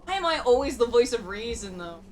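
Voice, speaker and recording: A woman's voice: a little high, very animated, fairly quick. A woman chatting eagerly on a casual gaming stream, often laughing. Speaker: stream co-host.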